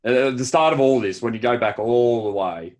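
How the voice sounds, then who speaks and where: A young Australian man with a mid-range voice chats as a podcast co-host. He ribs his mate with dry, teasing remarks in a relaxed way. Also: mid-range voice, a little fast. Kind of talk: casual chat.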